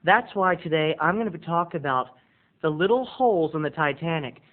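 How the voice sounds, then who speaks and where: Campy sarcastic guy ranting to his webcam, kinda high voice, tinny phone-ish sound. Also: animated, brisk. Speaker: video blogger. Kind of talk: comic rant to camera.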